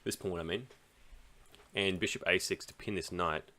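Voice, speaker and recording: Man, deep voice, bright and forceful tone, casual chess commentary, thinking out loud. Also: steady tone, moderate pace. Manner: thinks aloud through moves, chatty asides. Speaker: chess streamer. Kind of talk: casual live game commentary.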